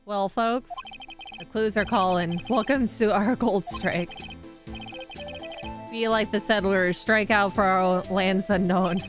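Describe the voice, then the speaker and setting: A woman voicing a laid-back cowboy lawman, reading his game lines slowly with a loose attempt at a Western twang. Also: medium pitch, fairly even intonation, over music, close to an everyday voice. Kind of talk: game dialogue read aloud.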